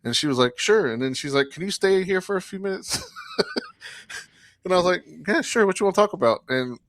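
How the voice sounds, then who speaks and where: Animated storytelling man from South Carolina. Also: high voice, a little fast, dry recording, studio quality. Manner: animated storyteller acting out both sides of dialogue. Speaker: podcast co-host. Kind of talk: casual chat.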